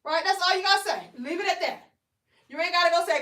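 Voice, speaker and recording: A woman's voice: extremely high pitch, animated, fast, sharp tone. A woman hosting a live product demonstration, talking in a chatty, coaxing way and checking in with her viewers. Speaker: host selling shapewear on a livestream. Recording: roomy echo, far from the mic.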